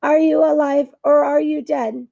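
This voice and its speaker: A woman voicing a polite, stiff female robot who speaks in careful, formal wording, pitched higher than her usual voice. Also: fairly even intonation, a little slow, vocal fry, dark tone, lo-fi sound, full character voice.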